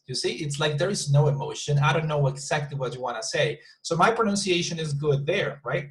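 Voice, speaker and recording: A man's voice: on the high side, brisk. Man teaching English on an echoey call. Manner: repeats words while searching, models sentences with exaggerated stress. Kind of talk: online class teaching. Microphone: video call.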